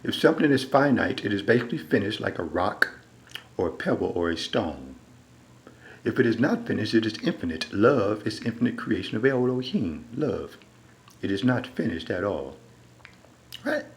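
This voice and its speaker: Rambling man with a swinging pitch. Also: rough recording. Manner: repetitive, keeps saying "all right"; swings between low mutter and loud emphatic bursts. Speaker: self-styled preacher. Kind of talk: rambling monologue. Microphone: phone.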